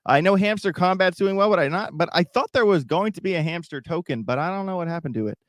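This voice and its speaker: A man's voice: sits high, quick pace, no echo, studio quality. A man hosting a crypto livestream in casual, rambling talk, often restarting and repeating himself while addressing viewers. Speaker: crypto YouTube host.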